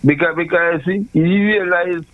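A man's voice: high-pitched, unhurried, phone-quality sound. A man arguing about politics on a radio call, stammering and repeating words as he pushes his point. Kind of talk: heated political talk radio.

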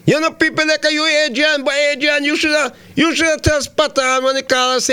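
A fiery male talk radio host, his voice pitched very high and bright with a hard, tense edge. He rants and circles back on his own words, piling up repeats as he pushes his point. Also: steady tone, normal speed, hardly any pauses. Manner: fiery, ranting, repeats himself. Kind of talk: heated political talk radio rant.

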